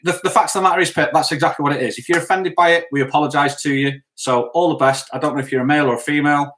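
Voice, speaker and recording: A man's voice: fairly high pitch, fairly even intonation, rapid-fire, a bit bright, slight background noise. A man co-hosting a casual live stream, talking bluntly and rambling as he answers viewer comments.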